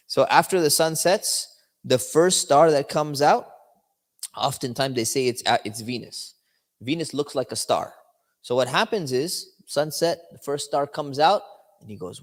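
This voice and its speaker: A man's voice: medium pitch, expressive, a little slow. Conversational male religious teacher, hall reverb. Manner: conversational, explaining with checks like "right?". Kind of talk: religious lecture.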